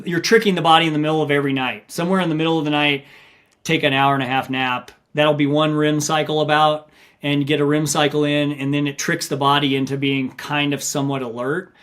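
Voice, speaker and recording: Middle-aged guy telling running stories on a podcast, lively, acts out quotes, voice on the high side. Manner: animated storyteller, acts out quotes. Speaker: ultramarathon runner and coach, guest. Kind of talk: podcast interview storytelling.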